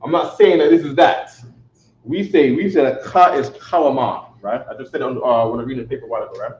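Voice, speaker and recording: A man's voice: medium pitch, fast, a little mellow. A man with a New York accent teaching a classroom lecture, talking loosely and repeating himself, often checking with "right?". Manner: repetitive, conversational, checks with "right?". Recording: echoey room, dull lo-fi sound.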